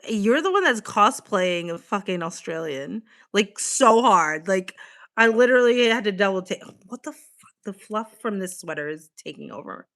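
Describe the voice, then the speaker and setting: A woman's voice: mid-range voice, lively intonation, normal speed, fairly bright tone. Young woman, casual livestream chat, laughs a lot, swears casually, chatty. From Boston, USA. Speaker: livestream host.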